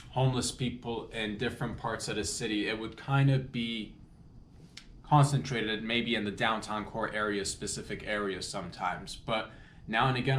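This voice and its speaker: A Canadian man hosting a comedy podcast, rambling through a loose solo monologue with lots of restarts and jokey asides. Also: lowish voice. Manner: meandering, self-correcting, loose and jokey. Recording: echoey room with faint noise.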